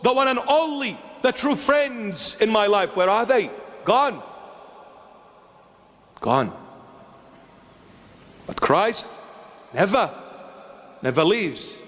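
A man's voice: fairly high pitch, big-room sound. A man, a bishop, preaching a sermon with emphatic, pleading repetition. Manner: emphatic, repeats phrases, pleading.

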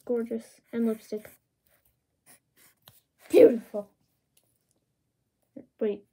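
A woman's voice: fairly high pitch, drawn-out words. A woman casually narrating her doodles in a playful, chatty way. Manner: playful, chatty, reads prompts in lively voices. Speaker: art channel creator. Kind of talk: casual drawing commentary.

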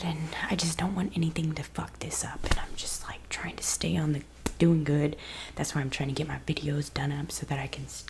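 A woman chatting in whispers for ASMR, close to the mic, rambling casually and cussing now and then. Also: low-pitched. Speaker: ASMR creator. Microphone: close ASMR microphone.

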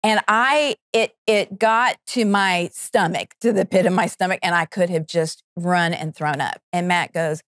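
A woman's voice: fairly low pitch, steady tone, unhurried, few pauses, a bit bright, no echo, clean studio sound. A middle-aged woman, a network co-founder, giving an earnest, fervent personal testimony that halts and restarts as she acts out her prayers. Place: television studio.

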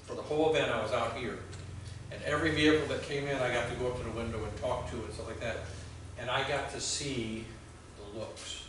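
A male pastor giving a conversational sermon, telling stories with halting restarts. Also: medium pitch, steady tone, noisy background. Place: church sanctuary. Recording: very echoey church hall from far off.

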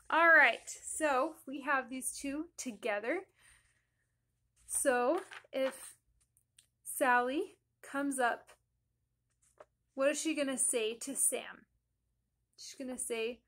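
A woman teaching a young class, reading a picture book aloud in a slow, sing-song, encouraging way with emphatic greetings. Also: high-pitched, a bit bright. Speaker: elementary school teacher.

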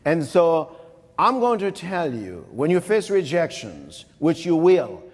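Husky and on the high side, a Haitian man's voice swings hugely in pitch as he moves slowly through a live motivational keynote. He repeats phrases emphatically and speaks directly to the crowd in a large conference hall, with long reverb from the conference room filling the recording.

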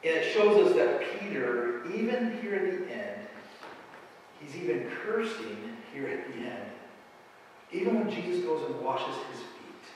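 A man preaching a lively sermon to his congregation, joking and acting out voices. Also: a little high, a little slow, slight background noise. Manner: animated, joking, acts out quoted voices. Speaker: pastor. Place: church sanctuary. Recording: echoey hall from far off.

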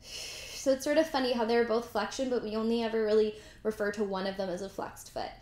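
A woman's voice: on the high side, fairly even intonation, fairly quick, darkish tone, roomy sound. A woman teaching a mat pilates class, cueing moves, counting reps and adding chatty asides. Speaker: pilates instructor. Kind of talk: guided workout instruction.

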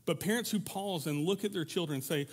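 A man's voice: high voice, brisk, husky. A man preaching a sermon at a church in a conversational way, slipping into quoted voices to act out examples. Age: adult parent. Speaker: pastor.

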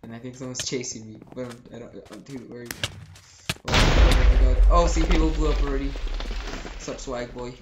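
Teen gamer yelling excited play-by-play, repeats stuff a lot, echoey room, keyboard clacking in the back. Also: mid-range voice, a little fast, very noisy. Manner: excitable, panicky yelps, repeats phrases. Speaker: gameplay commentator. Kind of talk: excited let's-play commentary.

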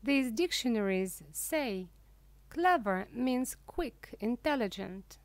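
Female reader for a learner audiobook: slightly high voice, very measured pace, clear articulation. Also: lively intonation, no room sound. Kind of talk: slow scripted reading for language learners.

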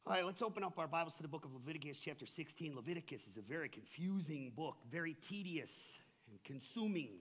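A middle-aged male pastor preaches in a church with a bright, forceful tone and a slightly husky edge. His pitch sits somewhat high for a man. He talks like someone on the street, full of slang, and swings from near-whispers to loud passion. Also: lively intonation, quick pace, hardly any pauses. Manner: impassioned, swings from hushed to shouting. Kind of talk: sermon. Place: church sanctuary.

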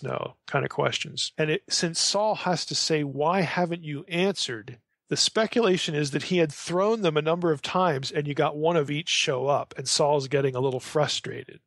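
A man explains scripture in a loose, conversational lecture, stumbling and restarting as he goes. His voice sits a little high with a gravelly edge. The sound is close and dry. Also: fairly bright tone, no echo. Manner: conversational, restarts often, reads quotes aloud. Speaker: Bible scholar lecturing. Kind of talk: informal lecture.

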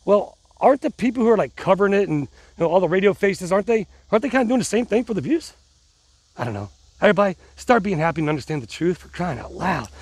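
Excitable rambling man, fairly high voice. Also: quick pace, slightly rough, no room sound. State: pumped up on adrenaline. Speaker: vlogger. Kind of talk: casual vlog talk to viewers.

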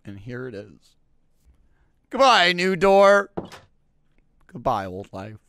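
A young man doing comedic gameplay commentary, acting out melodramatic mock grief. He swings between shouts and mutters and swears freely. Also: a little high, very animated, takes it slowly, a little hiss or hum. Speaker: let's play gamer.

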